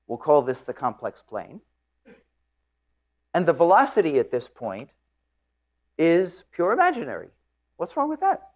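A man lecturing on physics, explaining at a board in a joking storytelling way and often clearing his throat. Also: mid-range voice, big pitch swings, unhurried, pauses often. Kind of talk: classroom lecture.

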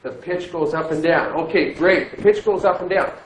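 Male physics teacher, fairly high voice, lively and joking with his class, echoey classroom. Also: normal speed. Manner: lively, joking, quizzes students. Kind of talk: classroom lecture. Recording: echoey classroom, faint noise.

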